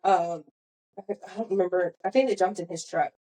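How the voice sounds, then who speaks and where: A woman's voice: fairly low pitch, moderate pace, dark tone, low-quality recording. Rambling woman telling a story. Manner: rambling, self-correcting storyteller. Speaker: podcast host. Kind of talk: casual storytelling chat.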